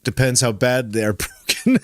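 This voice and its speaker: A man's voice: medium pitch, steady tone, measured pace, no echo. A man hosting a podcast in casual chat, rambling with frequent restarts and self-corrections. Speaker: podcast host.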